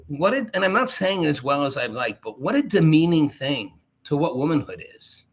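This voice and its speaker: A man's voice: fairly high pitch, big pitch swings, moderate pace. A man hosting a show, delivering a sarcastic political commentary monologue. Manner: sarcastic, mocking, with exaggerated put-on voices. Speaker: host.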